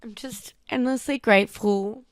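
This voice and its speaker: A woman's voice: fairly high pitch, steady tone, measured pace, dry recording, studio quality. A young Australian woman from Darwin hosting her own podcast, talking in a candid, emotional personal reflection with casual swearing. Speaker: podcast host.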